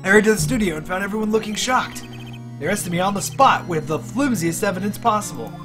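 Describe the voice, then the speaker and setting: A streamer voicing a gentle, earnest male TV actor, reading game dialogue aloud on a stream. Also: mid-range voice, lively intonation, fast talker, lightly acted. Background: game music.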